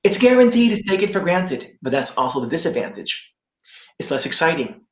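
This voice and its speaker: Israeli man, higher-pitched, animated panelist, roomy echo. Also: a little fast. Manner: emphatic, lively, repeats points for effect. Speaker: conference speaker. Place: room in Jerusalem.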